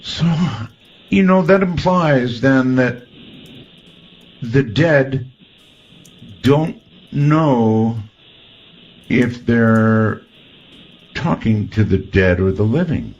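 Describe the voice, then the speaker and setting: A man's voice: medium pitch, animated, extremely slow, pauses often, darkish tone. A man hosting a casual chat, thinking aloud with frequent restarts as he reacts to recordings. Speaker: host. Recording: dull lo-fi audio with faint noise.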